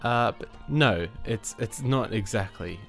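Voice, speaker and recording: A man's voice: mid-range voice, lively intonation, measured pace, creaky, soft background music. A man with a stuffed-up cold, casually commenting on his life-sim game with lots of fillers, restarts and chuckles. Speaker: gaming channel host. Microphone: new desk microphone.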